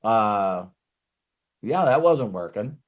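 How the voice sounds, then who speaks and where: Lively, swearing man rambling on. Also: on the low side, takes it slowly. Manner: rambling and animated, swears freely; frequent restarts and self-interruptions. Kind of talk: off-the-cuff motivational talk.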